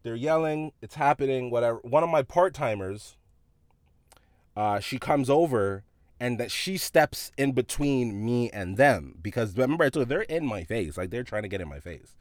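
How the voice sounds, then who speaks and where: A man who works in retail, casually telling a story about a store run-in, animated and full of swearing and laughter. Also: mid-range voice, moderate pace, dry recording, clean studio sound.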